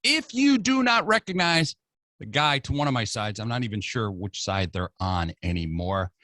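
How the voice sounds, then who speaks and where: Lively, bright-voiced American radio host. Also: male voice, mid-range voice, normal speed, dry recording, studio quality. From United States. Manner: jokey, playful banter. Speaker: radio talk show host. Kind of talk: casual radio interview. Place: radio studio.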